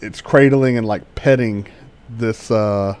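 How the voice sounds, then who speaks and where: A man narrating a tabletop game as game master, halting and full of fillers and restarts. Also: lowish voice, darkish tone, smooth.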